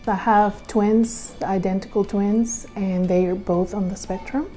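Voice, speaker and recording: A woman's voice: medium pitch, fairly even intonation, mellow, soft background music. A woman clinic owner speaking in an interview, hesitant and searching for words. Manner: halting, searching for words, emotional.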